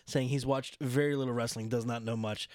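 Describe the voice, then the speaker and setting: A man's voice: fairly quick, no room sound, studio quality. A man co-hosting a podcast, chatting casually about wrestling and acting out quotes in mocking voices. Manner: animated, acts out quotes in high mocking voices. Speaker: podcast co-host.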